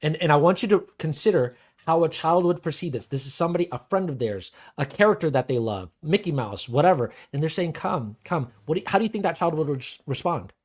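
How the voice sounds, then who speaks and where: A man's voice: a little high, fast talker, few pauses. Male podcast host, casual and profane, acts out quotes in bursts. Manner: animated, swearing, acts out quoted voices.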